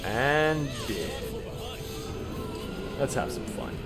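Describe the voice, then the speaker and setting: Male gamer, middle pitch, loose running commentary, quick to shout and curse, faint game music under. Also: crowd noise. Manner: excitable, swears, yells at the game. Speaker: gamer streamer. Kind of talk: casual gameplay commentary.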